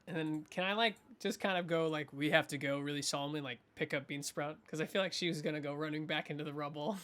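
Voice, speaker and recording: A man playing in a tabletop game, describing his actions haltingly with lots of fillers. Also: a little high, fairly even intonation, a bit bright. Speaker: player. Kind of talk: casual tabletop play.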